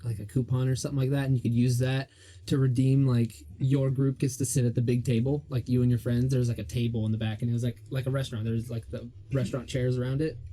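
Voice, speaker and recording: Young man, mellow voice, rambling and laughing. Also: medium pitch, little pitch movement, quick pace. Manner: rambling storyteller, laughs through his words. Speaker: podcast host. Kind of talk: casual chat.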